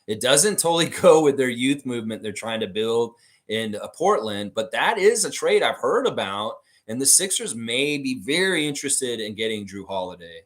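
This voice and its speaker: A man hosting a live sports fan stream, chatting casually as he reads viewer comments, animated and swearing freely. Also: moderate pace, few pauses. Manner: animated, swings high when mocking others, swears freely.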